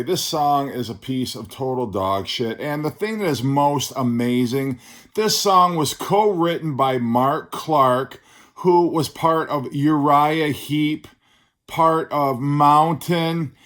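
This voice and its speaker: A man in the middle of the pitch range, casually reviewing a record. He is blunt and sarcastic and swears freely.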